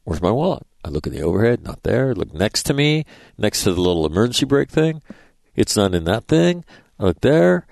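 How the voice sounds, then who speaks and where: A man's voice: fairly low pitch, big pitch swings, a little fast, creaky, darkish tone, no room sound. A middle-aged man hosting a radio show, telling rambling, profane anecdotes and acting out the dialogue in a casual monologue.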